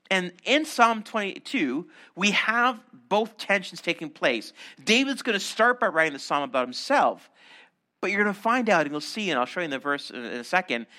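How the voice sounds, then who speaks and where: A man preaching a sermon, teaching through scripture with animated, acted-out asides. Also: a little high. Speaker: pastor.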